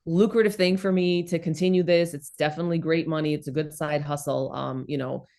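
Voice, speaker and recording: A woman in her thirties with a New York accent, originally from the former Soviet Union, chatting as an interview guest in an animated, emphatic, blunt way. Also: sits low, brisk. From former Soviet Union, raised in New York City. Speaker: guest, comedian and content creator. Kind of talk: casual interview chat.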